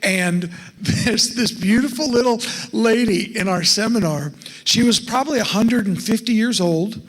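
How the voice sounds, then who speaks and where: A man's voice: sits high, a little slow, fairly bright tone, in a large hall, poor audio. A middle-aged man giving a folksy seminar talk to a church congregation, often putting questions to the audience. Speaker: estate planning speaker at a church. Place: church sanctuary.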